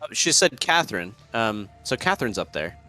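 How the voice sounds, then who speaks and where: A man's voice: lowish voice, sing-song, moderate pace, pushed and bright, faint music behind. A man playing at a tabletop game, eager and a little scatterbrained. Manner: earnest, eager, a bit scatterbrained. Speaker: player. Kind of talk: casual chat at a gaming table.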